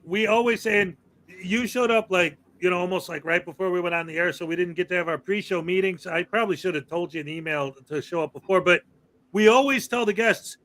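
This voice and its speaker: High bright-voiced male host. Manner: easygoing, encouraging. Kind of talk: casual podcast chat.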